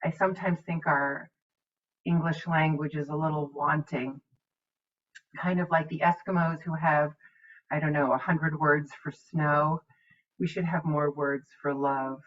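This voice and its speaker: A woman's voice: deep voice, steady tone, measured pace. A middle-aged woman minister and medium telling a reflective spiritual story. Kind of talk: spiritual talk. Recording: dull distant mic.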